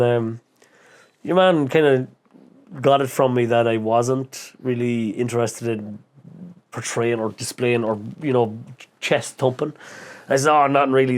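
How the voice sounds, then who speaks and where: A man from the Irish midlands with an Irish accent, a podcast guest telling stories in a casual, animated way, acting out other voices and swearing freely. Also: mid-range voice. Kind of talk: casual storytelling interview.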